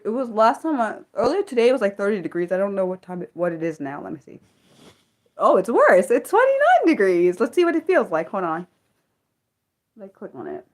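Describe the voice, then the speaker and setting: A woman's voice: mid-range voice, darkish tone. A young woman from the United States hosting an unscripted livestream, rambling with many fillers and restarts as she chats with viewers. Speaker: livestream host.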